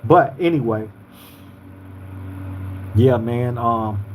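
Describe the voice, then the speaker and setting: Laid-back man with a mellow voice. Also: medium pitch, extremely slow, slight background noise, rough recording. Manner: laid-back, streetwise slang, frequent "you feel me". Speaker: podcast host reading viewer comments. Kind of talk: casual live-stream chat.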